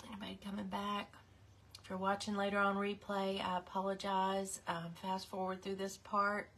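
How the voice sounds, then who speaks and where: Chatty woman with a bright, husky voice. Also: mid-range voice, completely flat delivery, normal speed. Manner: chatty, greets viewers by name, apologetic. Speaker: craft livestream host. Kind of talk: casual live craft stream.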